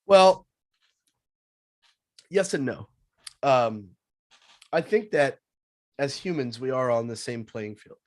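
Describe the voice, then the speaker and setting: A man talking in a casual interview, coaching in an energetic, animated way. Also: medium pitch, slow pace, long pauses, no echo. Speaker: sales trainer guest.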